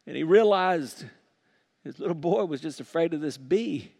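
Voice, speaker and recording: High-voiced preaching pastor, dry sound. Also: male voice, fairly even intonation, normal speed, no echo. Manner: preaching with big swings from quiet to shouted. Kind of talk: sermon.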